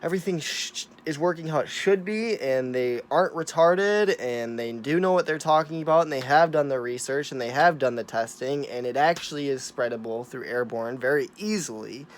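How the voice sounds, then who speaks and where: Male vlogger, mid-pitched voice, ranting straight to camera: heavy swearing, insistent repetition, drops to mutters, then loud emphatic bursts. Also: normal speed, hardly any pauses. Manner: profane, emphatic, repetitive, swinging from mumbling to loud.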